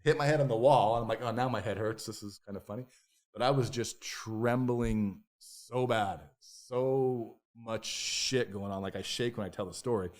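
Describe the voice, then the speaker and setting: A man's voice: medium pitch, normal speed, a little mellow. A man who is a podcast guest, telling a candid personal story in a raw, profane, emotional way. He stumbles through restarts and repeated words, and voices his own past inner thoughts as quoted self-talk.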